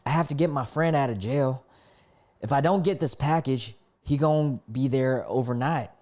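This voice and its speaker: An unsettling country woman passenger drawls out her slangy lines in a thick North Carolina twang, as a male reader puts her on. The voice sits noticeably higher than the reader's own low register. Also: moderate pace, darkish tone, natural voice. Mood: insistent. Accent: North Carolina country accent, put on.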